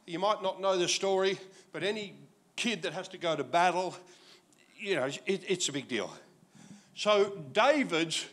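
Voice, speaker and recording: An Australian pastor in his sixties delivering a sermon full of jokes and acted-out asides. His voice runs higher than most men's and swoops widely from line to line, keeping the telling lively. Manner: jokey, animated storytelling with acted asides.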